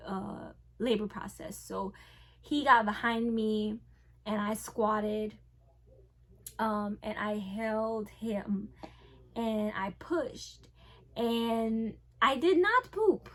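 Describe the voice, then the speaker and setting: A young woman, telling a casual storytime vlog. She swings between hushed and loud. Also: on the high side. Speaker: vlogger.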